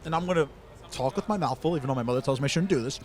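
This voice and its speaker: A man's voice: mid-range voice, very fast, a little mellow. A man hosting a food vlog outdoors on city streets, upbeat and teasing his co-host as they taste slices.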